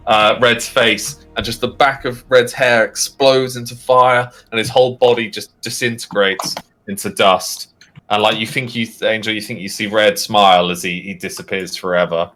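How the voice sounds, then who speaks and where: A man narrating as game master of a tabletop game, halting, with many fillers and restarts. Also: mid-range voice, fairly even intonation, pushed and bright, faint music behind.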